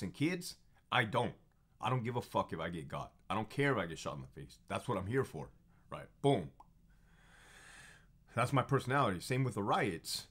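A man's voice: lowish voice, a bit bright, slightly rough. A man in his thirties, a former prison officer, telling stories in a casual, profane, emphatic monologue that gets heated and confrontational. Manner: profane, emphatic, repeats phrases for effect.

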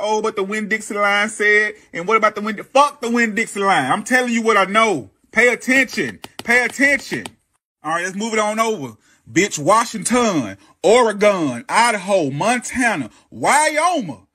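Sassy Southern woman host from Mississippi, bright and a bit husky, profane comic rant. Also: mid-range voice. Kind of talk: comedic rant to camera.

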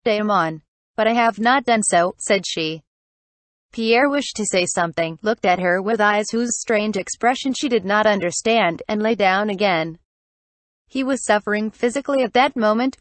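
A woman narrating a classic novel as an audiobook, in an even, steady way that reads the punctuation aloud. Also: medium pitch, moderate pace, no echo.

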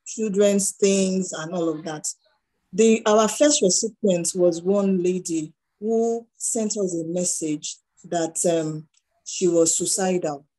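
Nigerian woman, mellow animated storyteller. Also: fairly low pitch, rough recording. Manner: animated storyteller who acts out dialogue. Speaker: guest entrepreneur. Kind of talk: conversational interview.

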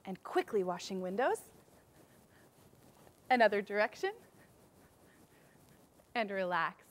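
A young woman teaching a children's music lesson, cheerfully leading warm-ups and call-and-response drills. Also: mid-range voice, big pitch swings, takes it slowly.

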